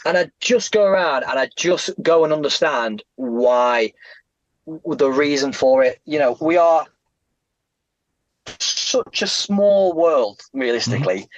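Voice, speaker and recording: A British man, a podcast guest, telling travel stories in a casual, animated, rambling way with frequent restarts. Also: on the high side, unhurried, no room sound, lo-fi sound. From United Kingdom.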